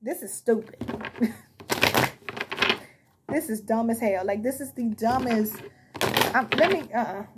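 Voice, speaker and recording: A woman's voice: a little high, a little slow, pauses often, very noisy. A woman giving a casual tarot card reading to her viewers, blunt and heated, with plenty of swearing. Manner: blunt, profane, heated, speaks straight to viewers. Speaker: tarot reader.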